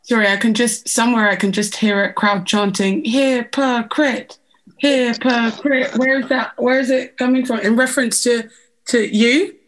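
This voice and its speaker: A woman's voice: fairly high pitch, steady tone, normal speed, low-quality recording. A young woman co-hosting a casual family podcast, teasing and giggling. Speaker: podcast co-host.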